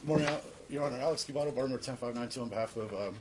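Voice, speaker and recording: A man attorney states his position to the judge in a courtroom, hesitant and quiet, with his sentences trailing off. He speaks quickly. There is a faint hiss of courtroom recording. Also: mid-range voice, poor audio. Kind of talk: courtroom appearance.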